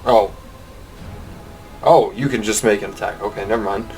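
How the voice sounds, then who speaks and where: A man running a tabletop game as game master, relaxed and laughing easily as he describes the action. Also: fairly low pitch, moderate pace, faint music behind, low-quality recording.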